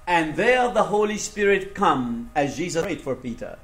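A very animated man preaches a sermon a little slowly, moving between hushed, low passages and raised, emphatic ones. He puts questions to the congregation for them to answer, and the room is reverberant.

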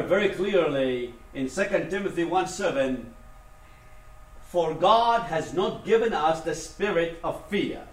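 A man preaching a sermon. He swings between hushed, low passages and raised, emphatic ones, and he asks the congregation questions for them to answer. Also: echoey room.

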